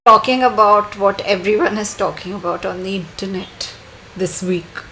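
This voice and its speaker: A woman's voice: medium pitch, steady tone, moderate pace, over music, rough recording. A young woman co-hosting a podcast, chatting casually and laughing easily. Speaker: podcast co-host. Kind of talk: casual chat.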